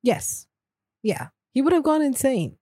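A woman co-hosting a podcast, chatting about a movie in a calm, agreeable, measured way. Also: high voice, slightly rough. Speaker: podcast co-host. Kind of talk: casual movie chat.

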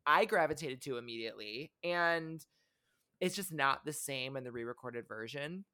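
A man's voice: mid-range voice, lively intonation, moderate pace, pushed and bright, clean tone. A man co-hosting a casual pop culture podcast, rambling with frequent restarts as he gives passionate fan opinions. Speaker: podcast co-host.

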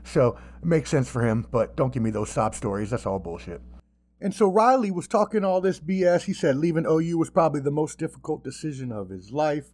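A man hosting a podcast in casual sports chat, animated and profane, with mocking asides. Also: fairly high pitch, brisk. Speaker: podcast host.

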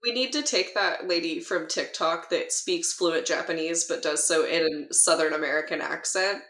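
Excitable low-voiced woman in an echoey room. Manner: excitable, fangirly, quick to laugh. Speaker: podcast co-host. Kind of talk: casual podcast chat.

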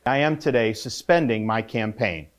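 A male politician giving a formal, measured campaign statement from a script. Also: medium pitch.

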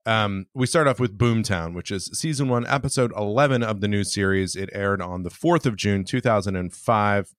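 A man's voice: fairly low pitch, normal speed, hardly any pauses, no room sound, clean studio sound. A man co-hosting a podcast in casual chat, joking and teasing with mock-angry banter. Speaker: podcast co-host.

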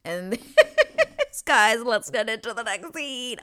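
A woman chatting casually as she breaks down a TV episode, excitable and chatty, swearing freely and saying "like" a lot. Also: on the high side, a little slow. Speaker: TV recap vlogger.

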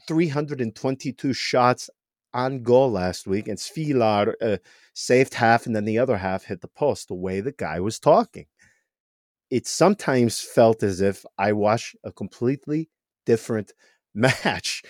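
A man hosting a football podcast in casual chat, animated and often restarting his words. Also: medium pitch, no room sound, clean studio sound. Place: home room with TV on.

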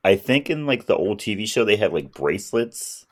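A man's voice: fairly low pitch, big pitch swings, moderate pace. A man co-hosting a podcast, casually recapping a movie's plot and acting out its characters' lines. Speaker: podcast co-host.

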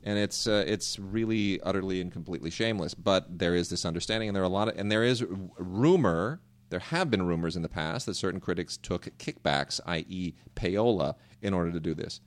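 A middle-aged man with a lowish voice talks through movie questions on a podcast. He is opinionated and rambling, often circling back and restarting his sentences. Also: fairly quick, hardly any pauses. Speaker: podcast co-host reading listener emails. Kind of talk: casual podcast chat.

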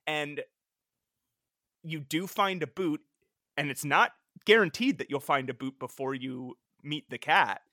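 A man co-hosting a podcast in casual chat, animated and laughing often as he acts out his reactions. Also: on the high side, unhurried, no room sound, studio quality. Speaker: podcast co-host.

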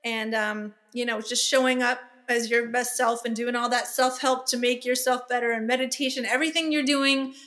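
A woman's voice: on the high side, steady tone, normal speed, few pauses, fairly bright tone. A woman hosting a podcast interview, talking in a casual, affirming and encouraging way. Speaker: podcast host. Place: Los Angeles area.

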